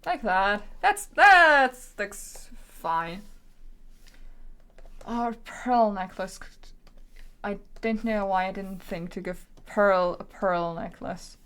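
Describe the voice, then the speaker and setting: A young woman streaming herself drawing, talking casually and quietly to herself as she works, often trailing off mid-thought. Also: mid-range voice, steady tone, slow pace, pauses often, clean tone. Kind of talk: casual thinking-aloud commentary while drawing.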